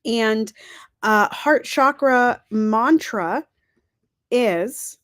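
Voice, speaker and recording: A woman's voice: fairly high pitch, drawn-out words, fairly bright tone, dry recording. A woman hosting a casual livestream, talking in a chatty, encouraging way, correcting herself as she goes, her throat dry. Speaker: livestream host.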